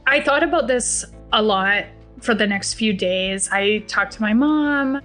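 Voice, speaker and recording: A young woman telling a personal story in a relaxed, conversational way, slipping into the voices of the people she quotes. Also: mid-range voice, unhurried, soft background music. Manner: conversational, acts out the dialogue in quotes. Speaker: guest storyteller. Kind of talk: first-person true story told to a podcast.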